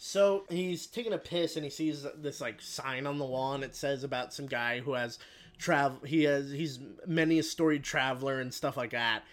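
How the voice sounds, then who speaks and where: A man with a mid-range, slightly bright voice casually retells a film plot in a rambling, profane way. He briefly voices the characters as he goes.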